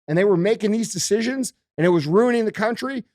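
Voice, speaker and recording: Man, podcast host, heated profane rant, high voice, dry close sound. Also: fast talker, darkish tone, dry recording.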